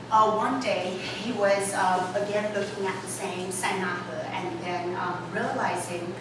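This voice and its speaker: A woman lecturing at a storytelling workshop, talking with fillers and chatty asides. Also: mid-range voice. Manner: animated read-aloud voices, chatty asides with fillers. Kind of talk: lecture with read-aloud storytelling. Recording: echoey hall, voice from far off, audible room noise.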